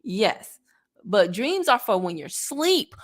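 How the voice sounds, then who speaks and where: Animated, blunt woman coach. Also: mid-range voice, slow pace. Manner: animated, blunt, sassy and colloquial; gets worked up. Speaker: network marketing coach. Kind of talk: casual direct-to-camera talk.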